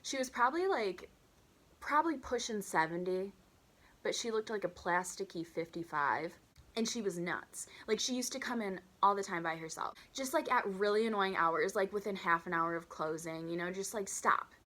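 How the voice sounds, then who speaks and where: A woman telling stories from her waitressing days in an animated, incredulous way, with dramatic outbursts and a lot of "like.". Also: medium pitch, moderate pace. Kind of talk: storytime vlog.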